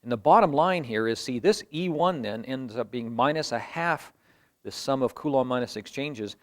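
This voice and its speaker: A man lecturing a university class, explaining each step patiently and thinking aloud as he works through equations at the board. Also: medium pitch.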